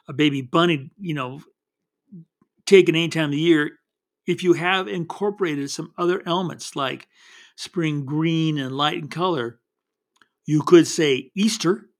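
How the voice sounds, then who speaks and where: Slow-talking folksy man giving photo tips. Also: on the high side, a bit bright. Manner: folksy, meandering, with many restarts. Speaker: wildlife photography teacher. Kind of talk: casual spoken photography tips.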